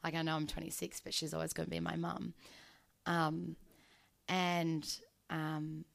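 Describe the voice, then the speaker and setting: A woman's voice: sits low, completely flat delivery, unhurried, creaky. A woman, telling an unscripted personal story at a story slam, rambling and casual with lots of ums and likes. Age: 20s.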